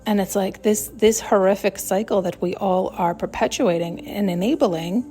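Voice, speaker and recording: A woman's voice: medium pitch, steady tone, normal speed, warm tone, faint music behind. A woman hosting a solo spiritual podcast, talking in a searching, emphatic way and now and then acting out the voices she quotes. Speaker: podcast host.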